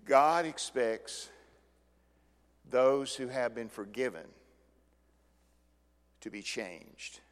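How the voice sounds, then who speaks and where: An older man preaching a sermon, swinging from hushed tones to loud, dramatic stresses. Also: mid-range voice, lively intonation, takes it slowly, pauses often. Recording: long hall reverb.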